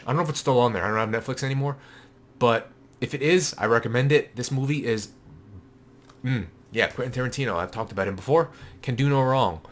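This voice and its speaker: Blunt, rambling man vlogging casually. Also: medium pitch. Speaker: collector showing his movie collection. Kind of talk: casual vlog commentary.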